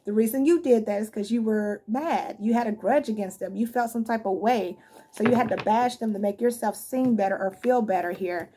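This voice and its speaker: A woman with a somewhat high, husky voice gives a casual tarot reading. She talks bluntly and chattily, swearing freely and laughing between points. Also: a little mellow. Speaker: tarot reader.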